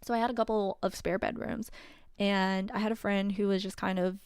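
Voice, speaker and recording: A woman's voice: medium pitch, flat delivery, fairly quick, darkish tone, clean tone, no room sound, clean studio sound. A woman telling a personal story in a casual, wry way, full of fillers. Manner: chatty, wry, many fillers and laughs.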